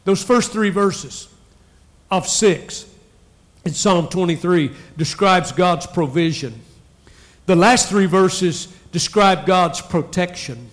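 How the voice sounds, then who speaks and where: A male pastor preaching a sermon in a church, emphatic with dramatic pauses. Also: high-pitched. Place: church sanctuary.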